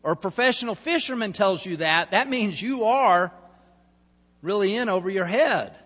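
A male pastor preaching a sermon, telling the story with asides and swinging between loud and hushed delivery. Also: high voice, lively intonation, normal speed. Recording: long hall reverb.

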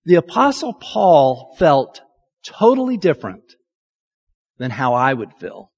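A man's voice: fairly high pitch, wildly swooping pitch, a little slow, darkish tone, slightly rough, dull audio. A man, a pastor, preaching a conversational sermon in a candid, self-deprecating, chatty way. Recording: long reverb of a large hall.

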